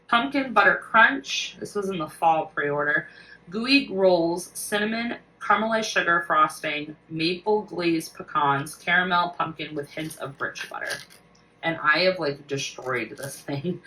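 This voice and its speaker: A woman's voice: sits low, sharp tone, far from the mic, slight background noise, rough recording. A woman casually reviewing her collection for a vlog, gushing with enthusiasm. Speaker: wax collection vlogger.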